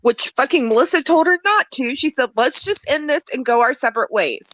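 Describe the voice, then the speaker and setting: A woman's voice: high voice, expressive, fairly quick, fairly bright tone, no echo, poor audio. Angry woman venting on a livestream. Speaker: livestream guest. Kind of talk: upset livestream chat.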